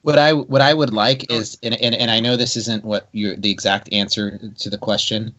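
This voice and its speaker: Low-voiced man rambling on a podcast. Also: fairly even intonation, normal speed, pushed and bright. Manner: rambling, with many restarts. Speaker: podcast co-host. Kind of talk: casual gaming podcast chat.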